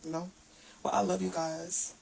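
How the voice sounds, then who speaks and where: Woman, informal devotional speaker; earnest delivery, some vocal fry. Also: fairly low pitch, level tone, a little mellow, slight background noise, low-quality recording. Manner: earnest, informal, stumbles over words; reads scripture aloud haltingly. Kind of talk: casual devotional talk.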